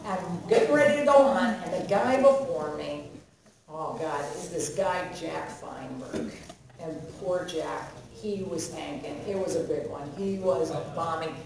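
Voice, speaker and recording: A woman's voice: fairly low pitch, unhurried, creaky. A woman doing a stand-up comedy set, with a brash, punchy delivery, acting out her comebacks in a raised voice. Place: comedy club stage. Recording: distant, echoey live club recording with loud crowd and noise. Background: audience laughter.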